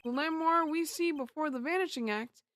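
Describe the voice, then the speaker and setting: A woman voicing an earnest young male defense lawyer who lays out his reasoning in a steady way. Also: sits high, moderate pace. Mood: explaining.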